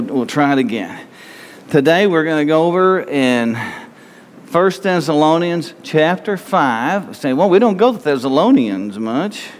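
A man's voice: mid-range voice, a little hiss or hum. A middle-aged man preaching a conversational sermon as pastor, folksy and rambling, with many restarts. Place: church sanctuary. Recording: long reverb of a church hall.

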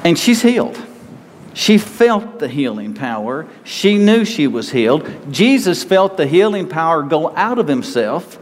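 A man's voice: a little high, very animated, measured pace. A man preaching a sermon in an earnest, conversational way, acting out pleading voices as he retells the story. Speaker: pastor. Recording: hall reverb with faint ambient noise.

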